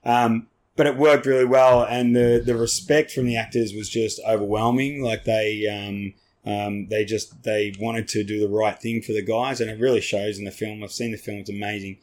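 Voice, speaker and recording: An Australian man, an army veteran and podcast guest, telling a story in a rambling, animated way with lots of ums, restarts and casual swearing. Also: on the low side, normal speed.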